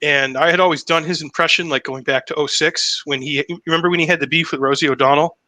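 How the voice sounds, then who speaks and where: A man's voice: fairly high pitch, fairly even intonation, fast, bright, forceful tone, no echo, poor audio. A young man hosting a casual interview, telling stories energetically and swearing freely. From Massachusetts, US. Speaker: host.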